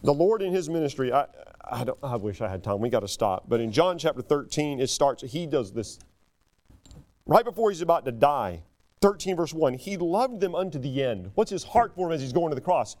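A man preaching a sermon, emphatic and animated, often breaking off and restarting his sentences. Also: a little high, a little fast. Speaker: pastor.

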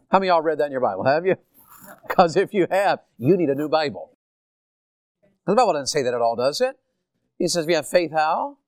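A man's voice: a little high, normal speed, pauses often, dry recording, clean studio sound. An older man with a Southern accent from Tennessee, preaching a sermon and asking his congregation questions. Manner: animated, asks the congregation questions. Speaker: pastor.

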